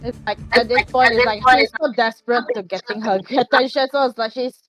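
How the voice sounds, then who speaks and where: Female player, higher voice, rambling and giggly, faint music behind. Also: fairly even intonation, fairly quick, a bit bright. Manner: rambling, full of fillers like "like", giggly. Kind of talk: describing her character in a tabletop game.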